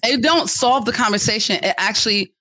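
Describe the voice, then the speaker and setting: A man co-hosting a podcast, swearing freely and telling stories in an animated way. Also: high voice, a little fast, dry recording, clean studio sound. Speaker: podcast co-host. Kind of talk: casual chat.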